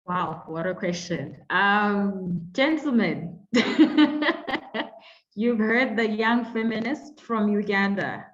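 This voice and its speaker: Chatty female webinar host on a dull, lo-fi video call line, mid-pitched. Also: takes it slowly. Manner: chatty, many fillers, warm welcoming phrasing. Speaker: webinar moderator. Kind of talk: hosting an online panel Q&A.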